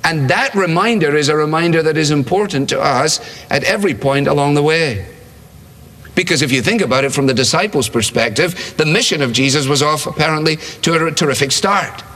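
Preacher with long hall reverb. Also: male voice, medium pitch, fairly bright tone. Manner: conversational, asks rhetorical questions. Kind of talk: sermon.

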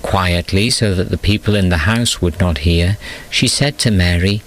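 A man giving scripted storybook narration in a steady, measured reading. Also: deep voice, a little hiss or hum, rough recording.

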